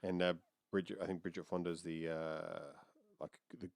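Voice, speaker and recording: Rambling low-voiced man, dry sound. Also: flat delivery, moderate pace, vocal fry, dry recording. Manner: rambling, thinks aloud, restarts. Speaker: podcast co-host. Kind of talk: casual chat.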